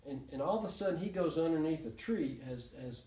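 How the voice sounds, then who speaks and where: A man's voice: on the high side, expressive, fairly quick, dark tone. A man telling a story to a small group, rambling with many restarts and chuckles. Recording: echoey room, mic from far off.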